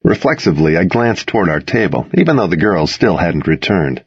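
A man with a low, slightly husky voice tells a first-person story in an intimate, expressive way. His pitch moves freely through the lines. The recording is dry, with no room sound, and a little dull and muffled. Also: a little fast, hardly any pauses, no echo. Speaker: audiobook narrator. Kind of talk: first-person audiobook narration.

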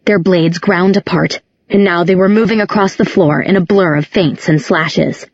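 Woman narrator, steady measured reading, low-ish pitch, dry sound, dull recording. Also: slightly rough, no echo. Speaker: audiobook narrator. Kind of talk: scripted narration.

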